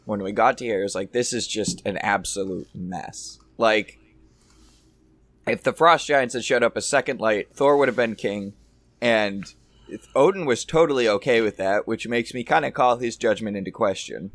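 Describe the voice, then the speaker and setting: A man's voice: on the low side, a bit bright, dry recording. A man co-hosting a casual movie review, laying out criticisms point by point. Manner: measured, critical, builds arguments point by point. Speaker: co-host of a movie review show.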